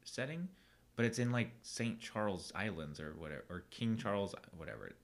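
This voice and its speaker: A man co-hosting a podcast in casual chat, rambling with many fillers and restarts and quick to laugh. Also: on the low side, expressive. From United States. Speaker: podcast co-host.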